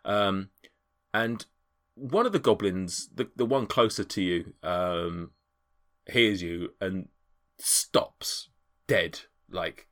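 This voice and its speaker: Deep-voiced game master, hesitant. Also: male voice, slow, a bit bright. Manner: hesitant, many fillers. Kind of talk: narrating a tabletop game.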